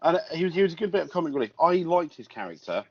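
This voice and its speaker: A man's voice: a little high, sing-song, racing, slightly rough. A man co-hosting a casual film review podcast, rambling with many stumbling restarts. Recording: lo-fi podcast audio.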